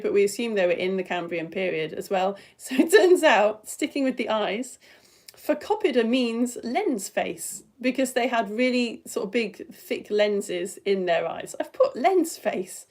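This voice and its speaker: A British woman with a slightly high voice presents a live children's science show, excitable and chatty. She speaks straight to viewers, captured on a phone camera indoors.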